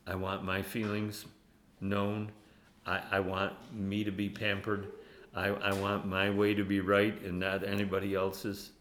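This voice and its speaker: A man preaching a casual Bible study in a bright, clear voice. He reads scripture, then jokes about himself and laughs often. He is animated and self-mocking, and he drops to a quiet, earnest tone for serious points. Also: low voice, a little slow, a little hiss or hum. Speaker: Bible teacher. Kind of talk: conversational sermon, reading scripture.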